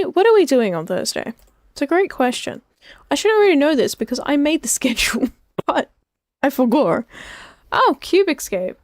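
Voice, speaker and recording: A woman's voice: fairly high pitch, no echo, clean studio sound. A woman streamer chatting casually while sleepy and yawning, rambling and self-deprecating, often trailing off.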